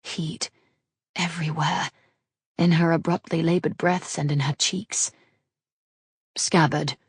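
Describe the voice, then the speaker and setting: Husky low-voiced woman narrating. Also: fairly even intonation, unhurried, no echo. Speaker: audiobook narrator. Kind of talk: romance audiobook narration.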